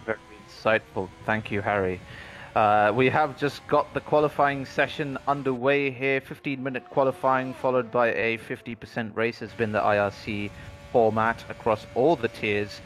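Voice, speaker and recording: A man's voice: mid-range voice, fairly even intonation, fairly bright tone. Man calling a sim race qualifying. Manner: measured, analytical play-by-play. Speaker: sim racing commentator. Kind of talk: race commentary.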